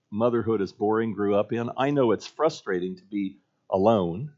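A middle-aged male pastor giving an earnest sermon, using rhetorical questions and measured pauses. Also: lowish voice, a little mellow, muffled recording.

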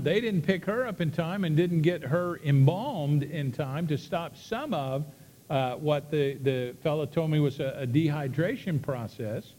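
A man's voice: a little high, a little mellow. Man preaching in a reverberant hall. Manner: conversational retelling with frequent repeats and restarts. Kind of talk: sermon.

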